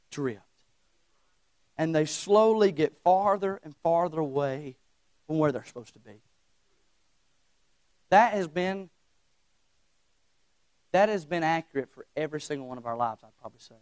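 A young man preaching a sermon, swinging between shouting and hushed folksy talk. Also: on the high side, no echo, studio quality. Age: young adult.

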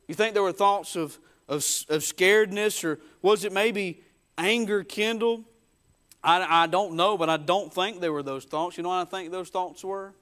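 A man's voice: fairly high pitch, a bit bright. A man preaching a sermon, telling the story emphatically and acting out the voices in it. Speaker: pastor.

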